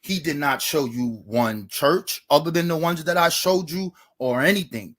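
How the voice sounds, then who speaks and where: A man's voice: on the high side, normal speed, a bit bright. A man arguing his side in a debate, reading passages from books to back his points. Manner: reads quotes from books, argumentative. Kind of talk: debate argument.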